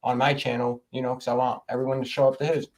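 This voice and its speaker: A man's voice: medium pitch, level tone, fast talker, slight background noise. A man casually moderating an online debate, sorting out the format. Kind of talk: casual chat.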